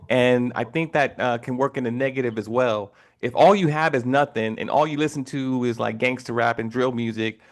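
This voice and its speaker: Thoughtful man in casual panel talk. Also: medium pitch. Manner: thoughtful, filler-heavy, restarts phrases.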